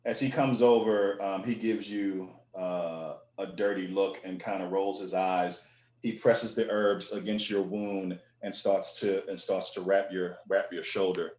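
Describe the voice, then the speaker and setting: A low-voiced man narrating a tabletop game as game master, often halting and restarting. His voice has a boxy echo and a dull, lo-fi quality. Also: fairly even intonation, a little mellow. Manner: halting, many fillers and restarts. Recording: echoey room, dull lo-fi sound.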